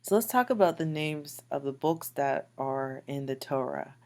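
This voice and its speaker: A woman's voice: extremely low pitch, animated, normal speed, darkish tone. A woman teaching a beginner Biblical Hebrew lesson over slides, patiently repeating words with frequent fillers. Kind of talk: recorded slide lecture.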